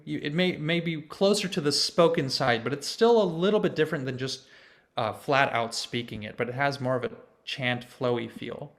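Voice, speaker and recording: A man's voice: mid-range voice, moderate pace, fairly bright tone. A young man in his twenties giving a conversational online presentation to a choir over a video call, explaining church music and leading chants. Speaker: conducting student presenting to a choir.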